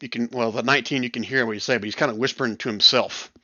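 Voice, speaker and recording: A man narrating and running an online tabletop role-playing game as game master, relaxed and chuckling. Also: dry recording, muffled recording. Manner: relaxed, chuckling, voices the crowd in quick high bursts. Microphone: headset or desk mic on voice chat.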